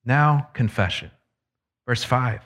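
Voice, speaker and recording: A man preaching an expository sermon, swinging from loud emphasis to hushed low drops, with casual asides mixed into the teaching. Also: slow. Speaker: pastor.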